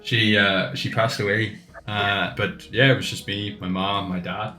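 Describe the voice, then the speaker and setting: A man's voice: on the low side, fairly even intonation, measured pace, bright, forceful tone, reverberant, soft background music. A man voicing a chatty young half-elf man, son of the pub owner, with an Irish accent and many restarts. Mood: somber.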